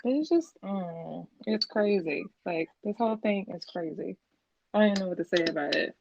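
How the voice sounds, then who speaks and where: A woman's voice: medium pitch, lively intonation, normal speed, gravelly, noisy background. A woman co-hosting a casual podcast chat, blunt and exasperated, swearing freely. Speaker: podcast co-host. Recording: slightly dull lo-fi sound.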